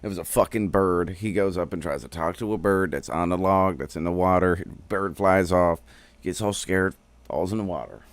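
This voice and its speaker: A man's voice: sits low, moderate pace, no room sound. A man streaming a casual, rambling recap of a cartoon episode, full of slang and swearing.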